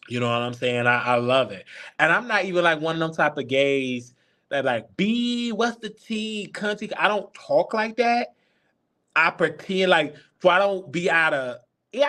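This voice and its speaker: A man's voice: a little high, a bit bright. A man in his thirties hosting a live Q&A, talking candidly about his own life. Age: 30s. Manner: candid, confiding, personal storytelling. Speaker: show host. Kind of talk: live Q&A chat.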